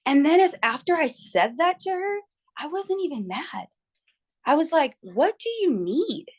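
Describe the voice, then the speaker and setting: A woman's voice: high-pitched, sing-song, normal speed. Woman, young adult, tired, candid storyteller, video call chat. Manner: candid, storytelling, quotes people in her retelling. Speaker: book club member.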